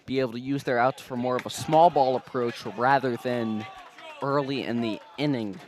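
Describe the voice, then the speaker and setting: Young male color commentator, mid-pitched, calm analysis of the game, outdoor ballfield. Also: normal speed. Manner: analytical, steady explainer. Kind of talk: high school baseball commentary.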